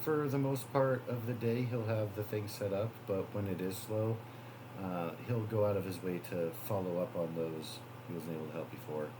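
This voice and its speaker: A man's voice: on the low side, fairly even intonation, moderate pace, background noise. A man running a tabletop game as game master, explaining outcomes in an easygoing, hedging way.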